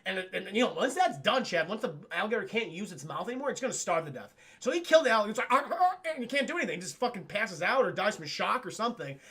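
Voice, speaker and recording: A man hosting a live stream, retelling a cartoon episode to his chat in a rambling, profane, animated way. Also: high voice, rapid-fire, few pauses. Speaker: livestream host reviewing cartoons. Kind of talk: casual streamed recap with chat.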